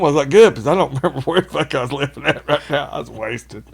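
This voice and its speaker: Middle-aged man, podcast guest, gravelly, cussing storyteller. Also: fairly high pitch, animated, brisk, hardly any pauses. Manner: swearing, laughs often, folksy. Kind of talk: casual storytelling.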